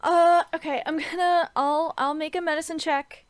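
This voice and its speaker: A woman player at a tabletop game, talking in an excitable, exclamatory way. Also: very high voice, normal speed, no room sound. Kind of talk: casual chat at a tabletop game.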